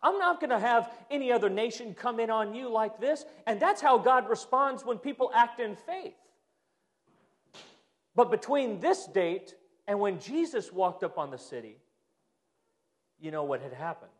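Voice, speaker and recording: A man preaching a sermon as a pastor, moving from loud emphatic bursts to hushed, quiet lines. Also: sits high, expressive, moderate pace. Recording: long hall reverb.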